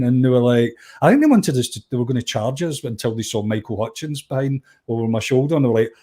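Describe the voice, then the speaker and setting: A man's voice: medium pitch, fast talker, few pauses. A Scottish man in middle age talks as a guest musician, spinning a story with plenty of false starts. He slips into the voices of the people he quotes, his voice sitting in an everyday middle register. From Scotland. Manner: animated anecdote-telling, acts out quoted voices, frequent restarts. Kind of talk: conversational storytelling.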